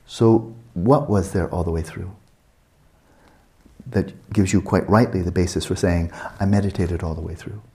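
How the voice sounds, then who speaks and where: Mellow low-voiced male meditation teacher. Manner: unhurried, questioning, checks in often.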